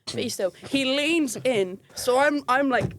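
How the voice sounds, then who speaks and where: A woman's voice: high-pitched, measured pace, slight background noise. A woman in casual conversation, telling a work story with lots of laughter and acted-out quotes. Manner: animated, laughs often, acts out quoted voices.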